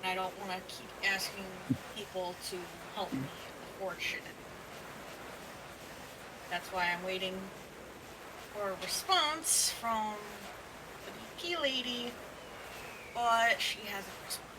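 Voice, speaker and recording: A woman's voice: mid-range voice, slow pace, pauses often, noisy background. A woman chatting casually with friends, frank and complaining. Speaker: friend on call. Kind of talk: casual chat.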